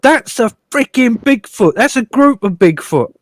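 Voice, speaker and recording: Measured man musing, dry close sound. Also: extremely high pitch, lively intonation, no echo. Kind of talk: casual chat.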